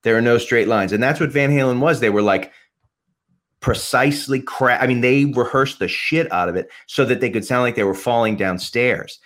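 A man's voice: medium pitch, a bit bright. A man talking as a podcast guest, rambling passionately about music, swearing freely and restarting his sentences. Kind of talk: casual podcast conversation.

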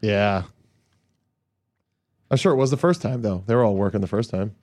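A man's voice: lowish voice, moderate pace, a little mellow, dry recording, clean studio sound. A man co-hosting a podcast, chatting in an easygoing, rambling way with laughs. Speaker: podcast co-host. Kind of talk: casual comedic banter.

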